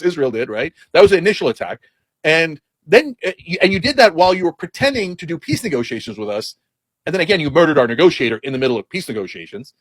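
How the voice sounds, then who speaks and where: A man's voice: a little high, big pitch swings, very fast, no room sound. A man giving a heated, sarcastic, blunt political commentary rant.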